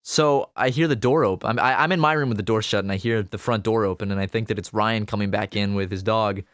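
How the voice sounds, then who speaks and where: A man's voice: lowish voice, quick pace, fairly bright tone, no echo, clean studio sound. A man co-hosting a casual podcast, telling a rambling personal anecdote with plenty of fillers. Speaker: podcast co-host.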